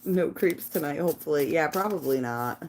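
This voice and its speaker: Low, mellow-voiced woman reading tarot. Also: normal speed, a little hiss or hum. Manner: chatty, laughing, talks to her cat and chat. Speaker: tarot reader livestreaming. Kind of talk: casual livestream chat. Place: living room at home. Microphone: phone.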